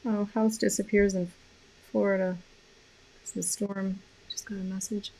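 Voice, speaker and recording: A woman hosting a live stream about animal communication, talking casually and softly, rambling with many fillers and restarts. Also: mid-range voice, little pitch movement, a little slow.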